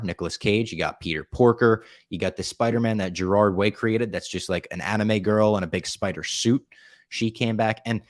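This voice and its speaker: Deep-voiced podcast host, dry sound. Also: male voice, no echo. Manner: rambling, animated retelling with profanity. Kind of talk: casual movie recap chat.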